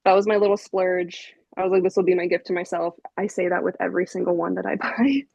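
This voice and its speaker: A woman in her twenties, a podcast guest, telling a story in a casual, animated way, laughing often and using lots of fillers. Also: lowish voice, fast talker, vocal fry, dry recording, lo-fi sound. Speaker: podcast guest, vinyl collector.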